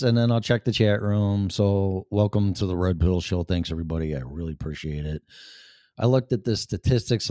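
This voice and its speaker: A man's voice: fairly low pitch, darkish tone, no room sound, clean studio sound. A man with a Chicago accent hosting his show in a rambling, profane, offhand monologue. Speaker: show host. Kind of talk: casual livestream monologue.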